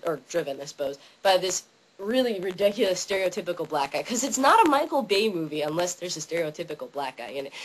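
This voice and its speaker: A young woman excitedly ranting about a favorite movie, yelling and acting out scenes in funny voices. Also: on the low side, husky, rough recording. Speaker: vlogger.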